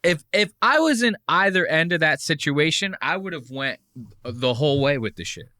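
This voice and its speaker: A man's voice: on the high side, sing-song, normal speed, bright, forceful tone, dry recording, studio quality. A man hosting a podcast, reacting to a clip with brash, mocking, profane commentary. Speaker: podcast host.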